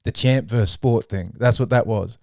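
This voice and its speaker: A man's voice: mid-range voice, moderate pace, darkish tone, dry recording, clean studio sound. A man co-hosting a fight podcast in casual chat, laid-back and mimicking fighters as he retells. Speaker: podcast co-host.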